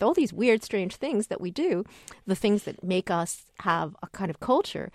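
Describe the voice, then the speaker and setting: A middle-aged woman, a guest researcher on a radio call-in show, explaining with lively emphasis. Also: medium pitch, moderate pace, no room sound, clean studio sound. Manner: animated explainer, acts out voices in quotes. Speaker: guest researcher on child development.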